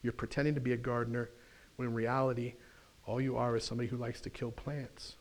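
A man preaching a sermon as pastor in a church, in a folksy, animated way with casual slang and quick asides. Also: medium pitch, slight background noise.

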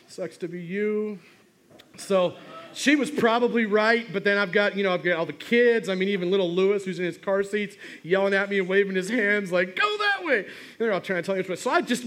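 Man, pastor, high voice, joking sermon story, stumbling restarts. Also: fairly bright tone. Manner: humorous storytelling with many restarts.

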